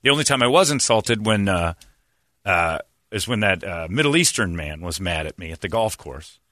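A man's voice: low voice, normal speed, dry recording, studio quality. A man hosting a morning radio show, telling a long story in casual chat with many fillers. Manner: rambling, lots of "uh" fillers, animated retelling.

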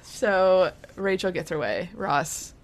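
A woman's voice: on the low side, lively intonation, slow. A woman co-hosting a podcast, casually retelling scenes and acting out the characters' lines. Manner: chatty retelling, acts out quotes. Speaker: podcast co-host. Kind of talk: casual recap chat.

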